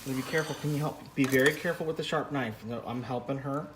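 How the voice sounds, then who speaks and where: A middle-aged man casually vlogging as he cooks in a home kitchen and gently coaches his young daughter with a knife, chatty and jokey. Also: mid-range voice, steady tone, quick pace, background noise. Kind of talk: casual cooking ASMR vlog. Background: music and kitchen clatter of knives and pots.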